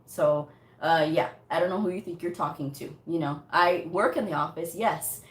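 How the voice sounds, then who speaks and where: A woman giving a casual motivational talk to camera, chatty and animated, telling stories with quoted asides. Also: on the low side, moderate pace. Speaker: medical coding vlogger. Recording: echoey room.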